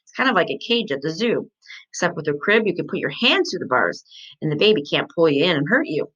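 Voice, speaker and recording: A woman reading a children's chapter book aloud in an animated storytelling manner. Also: low voice, fairly quick, husky. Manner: animated storytelling with light laughs. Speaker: reader. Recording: dull lo-fi sound.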